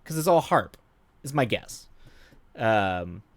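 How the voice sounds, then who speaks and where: Speaking slowly in a voice on the low side, this livestream gamer in his thirties is very animated as he chats casually with viewers at home at night. He rambles, mocks himself, hums idly and leans on lots of fillers.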